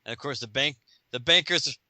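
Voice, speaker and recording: A man's voice: mid-range voice, brisk, pushed and bright, no echo. A man co-hosting a podcast over a Skype call, chatting casually and laughing a lot as he acts out quoted lines in different voices. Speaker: podcast co-host. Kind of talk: casual comic book chat.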